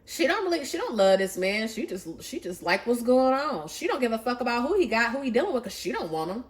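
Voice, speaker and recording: A woman's voice: fairly high pitch, sing-song, a little fast. A woman giving a casual tarot reading, telling a love-triangle story in a dramatic, gossipy, profane way. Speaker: tarot reader.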